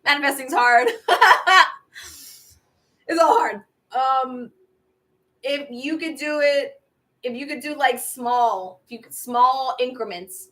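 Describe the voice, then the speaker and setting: A woman's voice: fairly high pitch, a bit bright. A woman tarot reader giving a casual spiritual pep talk, repeating affirmations and calling her viewers babies, with watery eyes. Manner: chatty and repetitive, calls viewers babies. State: watery eyes from air purifier.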